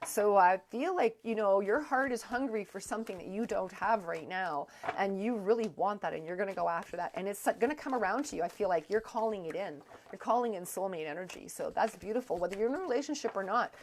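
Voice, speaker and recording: A woman doing a live tarot and astrology reading, halting and rambling with many fillers, her throat strained and coughing now and then. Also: medium pitch, animated, a little hiss or hum. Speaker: tarot reader.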